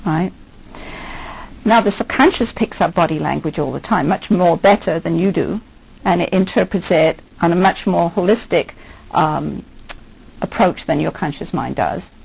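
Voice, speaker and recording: A woman's voice: on the low side, vocal fry, darkish tone, husky, low-quality recording. An older woman, a hypnotherapist, giving a conversational lecture and asking her listeners many questions.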